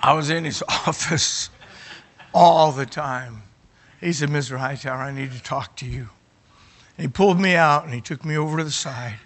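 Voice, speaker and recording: A middle-aged man preaching as he tells his own testimony, with an emotional delivery that swings from near shouts to quiet moments and often restarts his phrases. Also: on the high side, moderate pace, slight background noise. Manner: emotional, rising to near shouting at climaxes, dropping quiet at others; repeats words and restarts phrases. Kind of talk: sermon storytelling.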